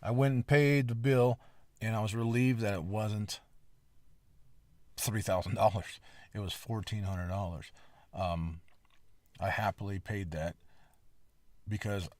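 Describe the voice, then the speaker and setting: Low-voiced man telling a story, swearing. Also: unhurried, long pauses, dry recording. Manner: candid, frequent swearing, rambling asides; lively, emphatic retelling. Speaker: podcast host. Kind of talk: casual storytelling monologue.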